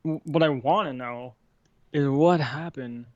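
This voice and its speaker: A man co-hosting a wrestling podcast, talking excitedly and spinning gossipy theories in a casual chat. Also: mid-range voice, a little slow, dry recording, dull audio. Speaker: podcast co-host.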